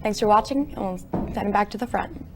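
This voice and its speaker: A teenage girl anchoring a student sports segment, reading from a script in a brisk, upbeat manner. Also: medium pitch, soft background music.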